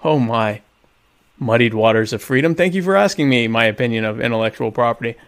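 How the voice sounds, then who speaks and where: A man hosting a casual live stream, rambling and interrupting himself, with deadpan, mock-pompous humor. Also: medium pitch, a little fast. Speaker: live show host.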